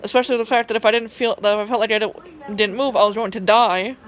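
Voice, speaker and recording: A woman's voice: fairly high pitch, fairly even intonation, fast talker. A young woman with a Southern US twang, casually telling a personal story to her phone camera, rambling and profane, with lots of fillers and restarts. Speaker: vlogger.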